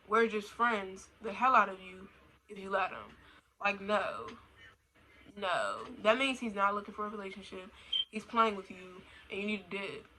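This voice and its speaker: In this rough recording with slight background noise, a young woman's medium-pitched voice sounds pushed and bright. She's a vlogger on a casual rant, blunt, slangy and profane, hammering her points through repetition.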